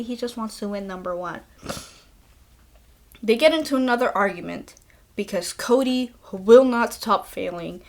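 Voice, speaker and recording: A woman host casually recapping a film in a chatty, playful way, with bursts of mock outrage. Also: a little high. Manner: chatty, playful, breaks into laughs. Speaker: podcast host.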